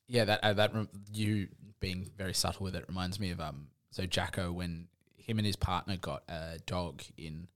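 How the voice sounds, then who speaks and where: Young bloke co-host, low voice, jokey storyteller who acts out quotes. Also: male voice, steady tone, moderate pace, hardly any pauses, a bit bright. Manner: joking, laughing, acting out quotes. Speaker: podcast co-host. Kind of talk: casual chat.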